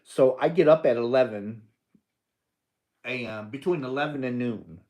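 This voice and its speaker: A man's voice: mid-range voice, normal speed, a little mellow. An older man hosting a casual live stream, answering viewers and teasing them playfully, often laughing. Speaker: livestream host.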